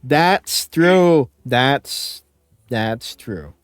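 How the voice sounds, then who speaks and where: Lively slow-talking man, light Filipino accent. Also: mid-range voice, clean tone, no echo, soft background music. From Philippines. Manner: playful, rambling, reads chat aloud. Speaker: streamer. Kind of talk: casual live-stream chat.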